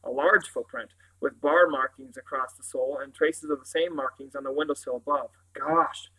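A man reading a children's novel aloud in a steady, plain narrating voice. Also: mid-range voice, fairly quick, rough recording. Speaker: reader.

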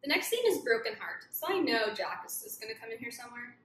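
Gushing woman vlogger, high bright voice, kinda echoey room, talking right to her viewers. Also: quick pace. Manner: gushing, excited, talks to viewers. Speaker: book vlogger. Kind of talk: casual unboxing chat. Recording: echoey room with faint background noise.

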